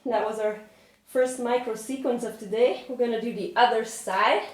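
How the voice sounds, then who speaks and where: Breathless high-voiced woman yoga teacher. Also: steady tone, moderate pace, roomy sound. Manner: encouraging cues while doing the flow. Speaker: yoga instructor. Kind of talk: guided yoga class instruction.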